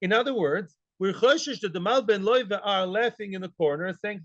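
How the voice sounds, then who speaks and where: Guy teaching talmud, high-ish voice, dry dull lo-fi sound, acts out the quotes. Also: a little fast, few pauses, dry recording. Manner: animated, acts out quoted voices, mixes Hebrew and Aramaic terms; asks students questions. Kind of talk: daily Talmud class. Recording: dull, lo-fi recording.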